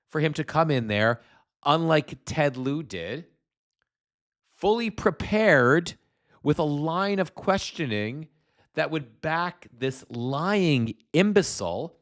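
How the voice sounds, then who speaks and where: A man's voice: a little high, sing-song, takes it slowly. Profane, stammering angry male commentator. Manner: profane, stammering, incensed ranting. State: congested with postnasal drip. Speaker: political commentator streaming a hearing.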